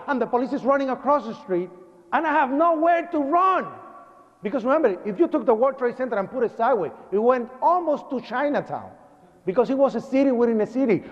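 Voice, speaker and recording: Guy with a high voice telling a harrowing story on stage, big echoey hall, muffled old recording. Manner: vivid, acts out sounds and cries, emotional. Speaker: eyewitness lecturer. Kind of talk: dramatic first-person storytelling to an audience. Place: lecture hall. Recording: dull lo-fi recording with long hall reverb.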